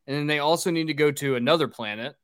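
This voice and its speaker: A man's voice: a little high, quick pace, no echo, clean studio sound. A man hosting a casual podcast, recapping a film's plot in a loose, rambling way with fillers and swearing. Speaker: podcast host recapping a film.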